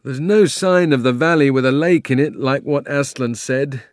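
A man voicing a kindly, easygoing talking horse in an audiobook, speaking slowly as if his mouth were full of grass. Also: mid-range voice, dry recording, clean studio sound, voice pushed up, lightly acted. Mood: placid. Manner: slow, chewing, mouth-full speech. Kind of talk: audiobook character voice.

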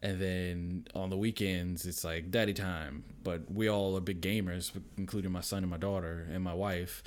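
A man in his thirties, a guest on a casual podcast, who rambles through animated stories full of restarts and acts out what others said. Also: low voice, moderate pace. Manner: rambling, with many restarts and fillers. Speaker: podcast guest, content creator.

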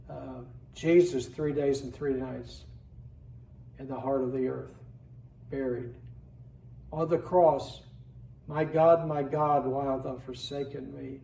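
A man's voice: mid-range voice, gravelly, mellow. A man pastor preaching a sermon in a church, earnestly reading scripture aloud with rising emphasis. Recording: echoey room, voice from a distance.

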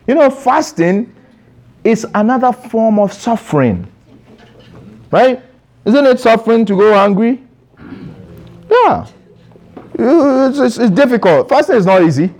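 A man's voice: sits high, sing-song, measured pace, pauses often, darkish tone. A man preaching a sermon to a congregation in a church, asking rhetorical questions and calling for responses.

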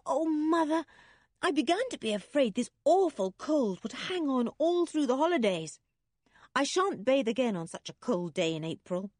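A woman's voice: sits high, sing-song, moderate pace, darkish tone, dry recording, studio quality, voice pushed up. Woman doing an eager, boisterous tomboy girl. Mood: happy. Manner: bouncy and enthusiastic.

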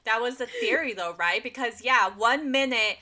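A woman's voice: on the high side, animated, normal speed, a loud crowd. A young woman co-hosting a casual chat, playful, acting out her own reactions with big emphasis. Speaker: podcast co-host.

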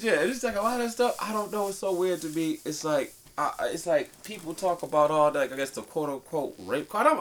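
A man in his thirties, a podcast co-host, telling stories in casual slangy banter and laughing often. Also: on the high side.

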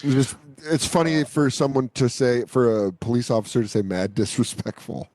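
A man's voice: medium pitch, a little fast, darkish tone, a little hiss or hum. A man joking in profane, casual podcast banter. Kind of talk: casual chat.

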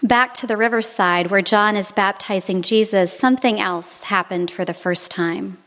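A woman preacher gives a sermon in a monastery, telling stories reflectively. Her medium-pitched voice is a bit bright and moves at normal speed, echoing through a large hall.

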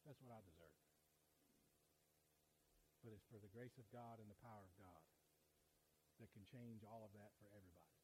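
A man, preaching a sermon in a folksy way that swings from quiet to loud. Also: on the low side, normal speed, pauses often, a little hiss or hum, poor audio.

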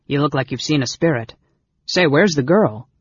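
A man voicing a big, blunt male warrior with a gruff, plain-spoken manner. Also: on the high side, expressive, moderate pace, no echo, highs cut off. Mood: puzzled.

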